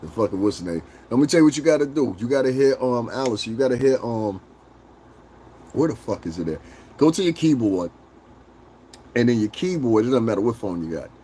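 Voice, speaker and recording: A man hosts a loose livestream, talking straight to his chat at an ordinary mid pitch. He swears freely, laughs a lot, and drops into quick acted-out bits. His talk rambles, with plenty of restarts. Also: animated, mellow, a little hiss or hum. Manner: profane, jokey, laughs often, acts out quick skits. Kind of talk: casual livestream chat with viewers.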